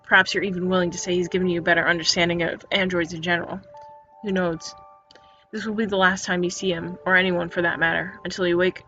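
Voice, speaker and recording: A woman's voice: on the low side, flat delivery, quick pace, bright, forceful tone. A woman reading an interactive story game aloud in second person, stumbling and restarting words often. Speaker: narrator. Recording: dull lo-fi recording with faint music.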